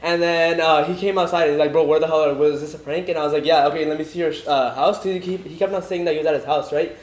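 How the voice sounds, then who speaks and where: Fast-talking young man, echoey room. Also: fairly high pitch, steady tone. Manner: rambling slangy storytelling, lots of "bro" and "like". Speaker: podcast co-host. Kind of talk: casual storytelling chat. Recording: echoey room, faint noise.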